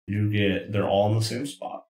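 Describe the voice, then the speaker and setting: A man running a tabletop game as game master, explaining rulings in a relaxed way with pauses. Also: fairly low pitch, reverberant, poor audio.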